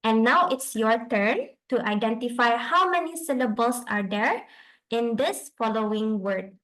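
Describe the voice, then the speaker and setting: A young woman speech therapist explains each step of a presentation over a video call. Her voice sits fairly high. She moves slowly through her points and slips Malay phrases into her explanations. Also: fairly bright tone, low-quality recording. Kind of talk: online presentation to parents.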